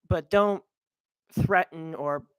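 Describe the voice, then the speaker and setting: A young adult woman vlogging in a heated, animated rant. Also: sits low, slow pace, smooth, dry recording, low-quality recording. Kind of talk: ranting monologue.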